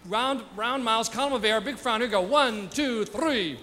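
A man's voice: very high voice, normal speed, big-room sound, over music. A man on stage with a playful, teasing manner, joking with the crowd as he leads a children's sing-along. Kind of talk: joking stage patter at a live show.

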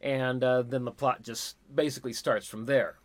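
A man with an average-pitched voice who explains film plots in a loose, rambling way. He often pauses and restarts his sentences as he talks things through. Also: steady tone. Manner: rambling, hesitant. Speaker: podcast co-host. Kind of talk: casual film review chat.

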